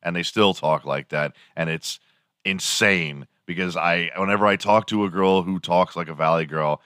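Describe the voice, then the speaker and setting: A man's voice: deep voice, steady tone, moderate pace, a bit bright, dry recording, studio quality. A man in his fifties hosting a casual solo podcast, rambling and swearing as he jokes and slips into silly impressions. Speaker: podcast host.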